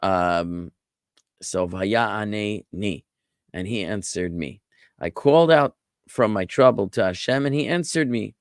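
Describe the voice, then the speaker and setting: A man, a rabbi, giving a relaxed online class on Biblical Hebrew, explaining words patiently and wandering off into asides. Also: on the low side, measured pace, no echo, studio quality. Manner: relaxed, explanatory, digressive with fillers.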